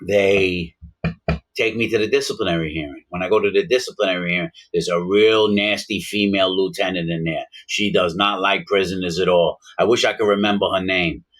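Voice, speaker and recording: Brief: man, talking to camera, lively delivery, voices the people in his stories. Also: low voice, fairly quick. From Long Island, New York. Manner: animated, acts out both sides of dialogues. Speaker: former prisoner telling stories. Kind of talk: casual storytelling to camera.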